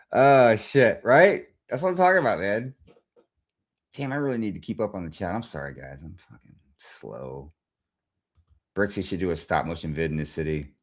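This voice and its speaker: A livestream host rants casually and rambles, swearing constantly. His fairly low voice is animated but a little slow, with long pauses.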